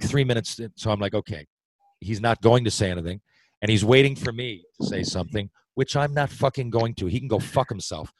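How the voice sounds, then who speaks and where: A man's voice: mid-range voice, no echo, poor audio. Profane storytelling man, dry sound. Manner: animated, profane, swears freely. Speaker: retired hockey player, podcast guest storyteller. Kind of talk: casual storytelling chat.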